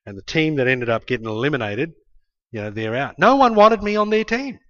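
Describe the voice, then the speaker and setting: A man preaching a sermon in an emphatic storytelling manner, tossing in "hey" asides and swinging from loud to quiet. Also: mid-range voice, very animated, fairly quick. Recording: dull lo-fi sound.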